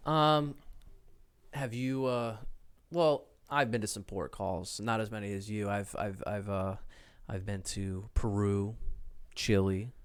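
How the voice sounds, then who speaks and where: Male podcast co-host with a lowish, smooth voice; easygoing and a bit hesitant. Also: slow pace. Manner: relaxed, hesitant with restarts. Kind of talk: casual podcast chat.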